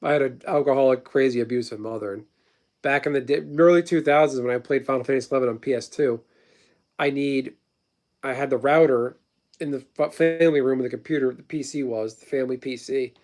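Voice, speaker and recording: A man's voice: mid-range voice, brisk, darkish tone. A man in his thirties hosting a casual livestream, rambling through stories and blunt, profane opinions while answering chat. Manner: replies to chat messages. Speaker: livestream host.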